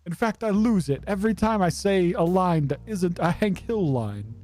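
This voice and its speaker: A man's voice: high voice, lively intonation, normal speed, darkish tone. A man streaming a game, giving casual, joking and self-mocking commentary. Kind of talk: casual commentary over gameplay.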